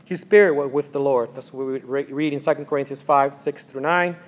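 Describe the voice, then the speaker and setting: A man preaching a sermon, reading passages aloud and explaining them, swinging between loud emphasis and quiet asides. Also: medium pitch, a little fast.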